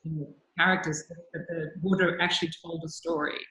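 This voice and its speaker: A woman speaks in an even, flat tone with hesitant fillers. Her voice rings in a roomy, echoing space, as on a video call. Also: low voice, brisk. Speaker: panelist. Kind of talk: casual panel discussion.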